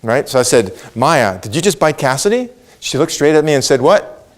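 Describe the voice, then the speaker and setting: A middle-aged man gives a conference keynote. He tells stories in an animated way, with lively rises and playful asides. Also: medium pitch, a little fast. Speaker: keynote speaker.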